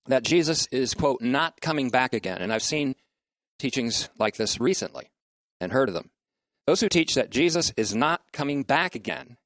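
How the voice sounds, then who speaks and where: A medium-pitched male voice, with no echo, delivers a methodical scriptural lecture. The Bible teacher reads verses aloud and spells out Greek words one letter at a time.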